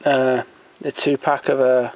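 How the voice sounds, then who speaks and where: A man talking casually and haltingly, with many pauses and restarts, giving enthusiastic recommendations as he shows his shelf. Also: medium pitch, level tone, a little mellow, slight background noise, rough recording. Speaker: collector showing DVDs. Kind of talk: casual off-the-cuff commentary. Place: home room by a shelf.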